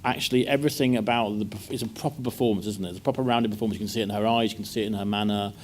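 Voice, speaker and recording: A man's voice: on the low side, steady tone, rapid-fire, a little mellow, a little hiss or hum. A man interviewing a guest about a film, chatty and fond of tag questions. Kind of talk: casual conversation.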